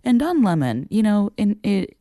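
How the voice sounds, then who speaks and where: A man hosting a casual commentary show, talking in an expressive, sarcastic way, swearing freely and laughing often. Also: high-pitched, normal speed, dry recording, clean studio sound. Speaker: podcast host.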